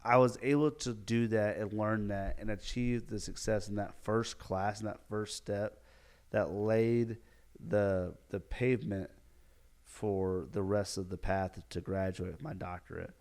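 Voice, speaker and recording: A man hosting a casual solo podcast, animated and rambling, filling his talk with "like". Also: lowish voice, measured pace. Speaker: podcast host.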